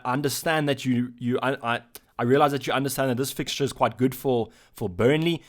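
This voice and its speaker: A South African man hosts a relaxed live stream from his own channel. He reads viewers' chat messages aloud and answers each in turn. His delivery is loose and halting, at an ordinary mid pitch for a man.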